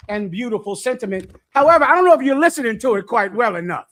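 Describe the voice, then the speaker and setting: A middle-aged man preaching bluntly to young listeners, lecturing and swinging between loud and hushed delivery. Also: sits high, lively intonation, quick pace, few pauses. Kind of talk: street sermon with audience questions.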